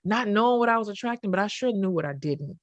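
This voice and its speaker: A woman hosting a podcast, chatting casually and telling a story with lively voiced quotes. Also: mid-range voice, fast talker, dry recording, highs cut off. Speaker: podcast host. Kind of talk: casual chat.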